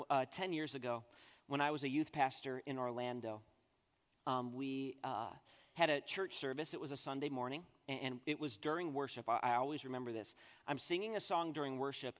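A man in his thirties preaching a sermon as a pastor, telling stories in an animated, conversational way. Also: medium pitch. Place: church sanctuary. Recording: long church hall reverb.

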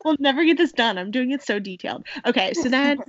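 A young woman co-hosting a podcast, chattily recapping a movie with quick acted-out quotes. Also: high voice, expressive, dry recording, muffled recording. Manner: chatty, quick quoted voices, laughs often. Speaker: podcast co-host. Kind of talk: casual chat recapping a movie.

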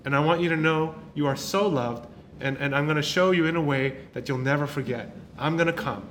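A man's voice: a little high, brisk, a bit bright, slight background noise, close to an everyday voice. A man voicing God in a sermon, declaring with emphatic, reassuring lines. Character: loving God, male, reassuring.

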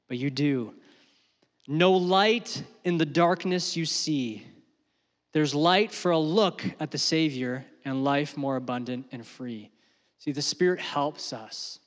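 A middle-aged male pastor preaching a sermon, swinging from loud emotional peaks down to soft, quiet lines. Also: medium pitch. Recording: long hall reverb.

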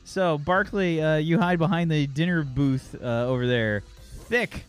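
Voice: medium pitch, moderate pace, clear, resonant tone. A person running a tabletop game as game master, explaining rules with many fillers and chatty asides.

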